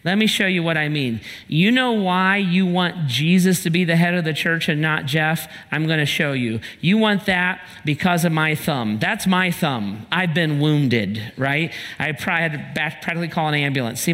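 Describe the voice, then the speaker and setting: A man's voice: a little high, normal speed, few pauses, fairly bright tone. Man preaching in an echoing hall. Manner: conversational preaching with rhetorical questions and personal stories. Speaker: pastor. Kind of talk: sermon.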